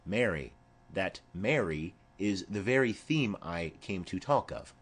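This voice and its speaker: A man's voice: low-pitched, animated, slightly rough, heavily acted. A man reading the part of a stately noblewoman speaking formally to her daughter in an audiobook of a play. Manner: formal, measured.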